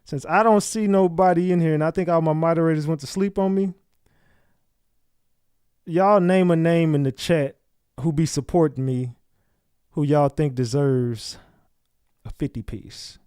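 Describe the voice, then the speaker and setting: A man's voice: on the high side, steady tone, measured pace, pauses often, darkish tone, clear, resonant tone, dry recording, studio quality. Slangy man hosting a livestream. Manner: loose, slangy, calls out chat names. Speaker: livestream host. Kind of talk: casual livestream chat with viewers.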